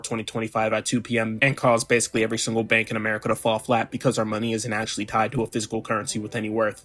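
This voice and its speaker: A man hosting a crude satirical commentary vlog, ranting in a sarcastic, profane, deadpan way. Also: mid-range voice. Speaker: host.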